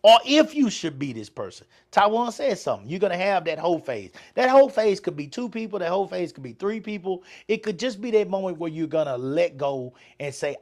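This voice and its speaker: A man's voice: sits high, big pitch swings, a little fast, few pauses, a little mellow. A man co-hosting a podcast in casual chat, frank and profane with emphatic delivery. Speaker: podcast co-host.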